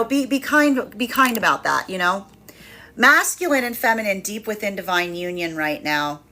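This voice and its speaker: A woman gives a casual spoken tarot reading in a mid-range voice that is pushed and bright. She chats with many fillers and often laughs as she acts out what people might say.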